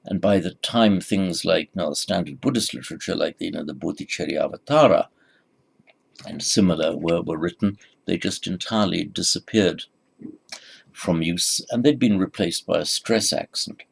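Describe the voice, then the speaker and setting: A man teaching a recorded class, speaking in a halting way with frequent repeated words and fillers. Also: low voice, gravelly, breathy edge. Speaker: Sanskrit teacher. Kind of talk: recorded lecture.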